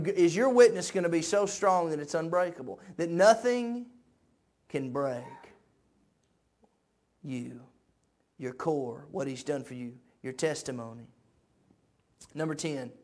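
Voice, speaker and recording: A man preaching with a high, light voice that climbs even higher as he builds to shouted peaks. He talks conversationally between the climaxes and repeats phrases in a rolling pulpit rhythm. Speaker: pastor. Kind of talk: sermon.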